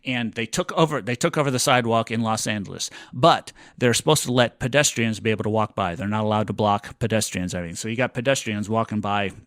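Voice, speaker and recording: A man co-hosting a podcast, telling a long rambling story in a self-mocking, animated way. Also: lowish voice, fast, few pauses, dry recording, clean studio sound. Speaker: podcast co-host. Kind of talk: casual storytelling chat.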